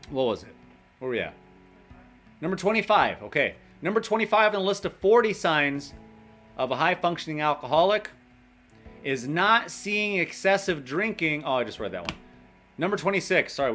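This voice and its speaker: A man hosts a casual livestream, reading through a list and chatting with his viewers between items. He laughs often and speaks in a slightly high voice. Faint music plays in the background. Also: a bit bright. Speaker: livestream host in recovery.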